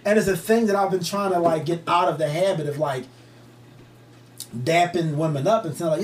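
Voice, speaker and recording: A man's voice: a little high, normal speed, a little hiss or hum. A young man co-hosting a podcast, telling stories in casual, profane banter and putting on voices for the people he quotes. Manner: animated, profane storytelling with put-on quotes. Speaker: podcast co-host.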